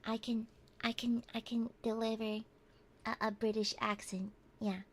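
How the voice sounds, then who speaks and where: A woman streamer talking softly between lines of a whispered role-play, stammering and giggling as she reads chat. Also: on the high side, little pitch movement, unhurried.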